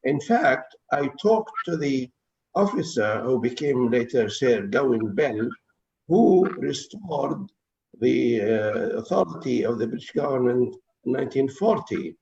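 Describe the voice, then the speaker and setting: A man in his eighties from Palestine, answering interview questions slowly and deliberately, often pausing with hesitant fillers. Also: medium pitch, big pitch swings, vocal fry, darkish tone. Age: 80s. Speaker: interview guest. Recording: dull lo-fi recording.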